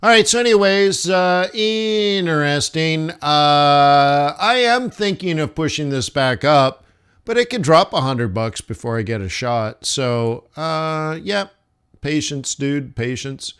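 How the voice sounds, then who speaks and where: His voice sits on the high side, animated, smooth, and a little bright. He's live-streaming forex trades, musing slowly over the charts and talking to his chat as "guys."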